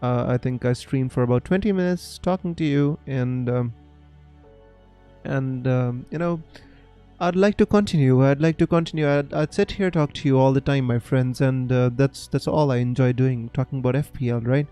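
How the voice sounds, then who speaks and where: A young Indian man with an Indian English accent, chatting casually on a live stream, halting with many fillers as he answers viewers. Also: mid-range voice, warm tone, clean tone, soft background music. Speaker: fantasy football streamer.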